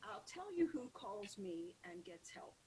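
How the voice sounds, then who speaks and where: A woman with a mid-range voice speaks at a measured pace in a low-quality recording with slight background noise. As a podcast guest coaching on public speaking, she is lively and emphatic in the interview, acting out the voices in people's heads.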